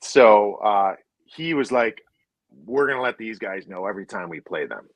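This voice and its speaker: A man's voice: fairly low pitch, normal speed, no room sound, poor audio. A man in his thirties or forties, a former hockey player and podcast guest, telling stories casually, swearing freely, and quoting others in shifting voices. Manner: animated, profane, quotes others in shifting voices. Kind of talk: casual storytelling.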